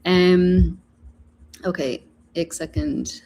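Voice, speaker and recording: A woman's voice: on the low side, steady tone, moderate pace, darkish tone, slight background noise, rough recording. A young woman from Ireland, chatting casually on a livestream, rambling with lots of fillers and slipping into Hindi. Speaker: livestream host. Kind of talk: casual live chat, reading comments.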